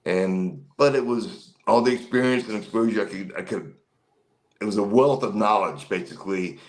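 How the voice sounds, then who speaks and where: A man's voice: fairly low pitch, normal speed, low-quality recording. Man telling long backstage stories. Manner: rambling, with many fillers and restarts; acts out quoted people in a livelier voice. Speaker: guest, former pro wrestler. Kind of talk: casual storytelling in an interview.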